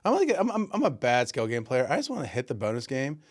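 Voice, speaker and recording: A Pennsylvania podcast co-host with a mid-range voice talks fast as he tells a casual story. He's animated and acts out the voices of the people in it.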